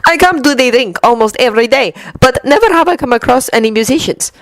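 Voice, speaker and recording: A woman's voice: high-pitched, lively intonation, quick pace, no echo, pitched above the performer's own voice, poor audio. A woman voicing a charming, confident young male figure skater in a storybook reading, speaking in a friendly, conversational way.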